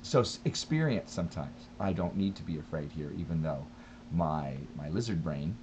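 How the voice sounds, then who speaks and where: A man's voice: very deep voice, lively intonation, moderate pace, muffled recording, noisy background. A man talking thoughtfully in a casual vlog monologue, rambling with frequent restarts. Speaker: vlogger.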